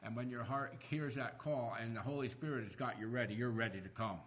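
Animated preacher man, low voice. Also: fairly quick. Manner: animated, acts out quoted voices. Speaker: pastor. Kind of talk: sermon.

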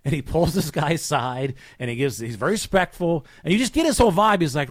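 With a voice on the high side and a brisk delivery, a man co-hosting a podcast relates a behind-the-scenes story casually, acting out the quotes with energy. The recording is studio quality with no room sound.

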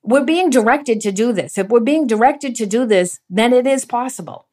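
A woman's voice: a little high, animated, normal speed, dark tone. A woman giving earnest devotional teaching, emphatic and asking the listener questions. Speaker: Bible teacher.

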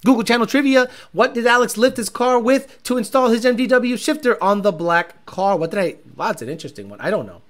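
A man chatting loosely on a livestream, answering viewers between searches and bursts of laughter. He swears freely and rambles, with a lively, swinging pitch. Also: a little fast, hardly any pauses. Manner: rambling, profane, laughing often. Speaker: livestream host reading chat. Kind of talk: casual livestream chat.

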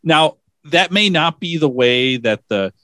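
A podcast co-host, this man bats a silly case back and forth with playful, mock-serious conviction. His voice sits a little high for a man. The sound is close and dry, with no room echo. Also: expressive, unhurried, bright, forceful tone. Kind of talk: casual podcast banter.

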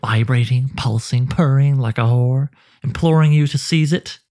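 A man's voice: mid-range voice, moderate pace, mellow, natural voice. A man voicing a sinister hooded cave creature that taunts and tempts in a hissing whisper.

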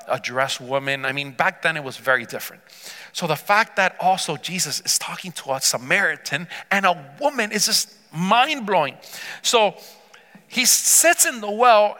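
A man preaching a sermon, retelling a Bible story with lively character voices and calling on the congregation to respond. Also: high voice. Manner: engages congregation with call-and-response. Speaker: pastor. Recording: reverberant church hall.

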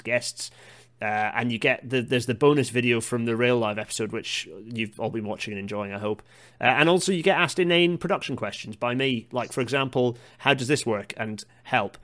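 A man's voice: medium pitch, a bit bright. Rambling, digressive male podcast host. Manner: rambling, digressive and self-deprecating. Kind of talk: casual chat.

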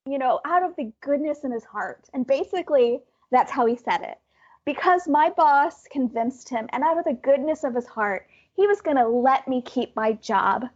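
A woman with a high voice tells a story on her podcast in a lively, chatty way, often laughing. The audio is a bit dull and muffled. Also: normal speed, slightly rough. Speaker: podcast co-host. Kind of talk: casual storytelling chat.

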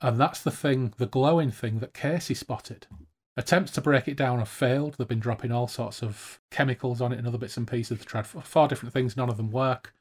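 A man's voice: medium pitch, brisk, a little mellow, slightly rough. A man casually summarising a novel's chapters for a book-club podcast, chatty with frequent restarts.

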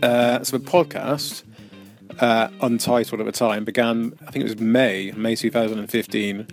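A man describing how a podcast began, speaking in a flat monotone. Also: mid-range voice, normal speed, faint music behind. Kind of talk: casual narration.

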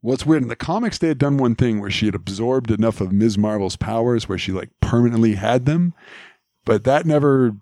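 A man's voice: mid-range voice, animated, a little fast, warm tone, no echo, clean studio sound. A man co-hosting a podcast, casually recapping a cartoon episode, laughing often and quoting lines. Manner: laughs often, recounts scenes with quoted lines. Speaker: podcast co-host.

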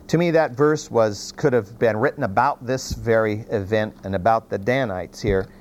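A man teaching a sermon on a Bible passage, telling it as a story in a folksy, animated way with many restarts. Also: lowish voice, normal speed, slight background noise.

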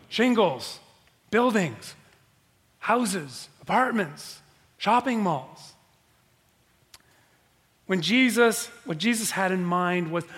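A man preaches in a church with a very high-pitched voice. He drives his points home by repeating key phrases and pausing for effect. The sound rings with the long reverb of a church hall. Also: fairly bright tone. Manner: emphatic, repeats key phrases with dramatic pauses. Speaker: pastor. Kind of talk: sermon.

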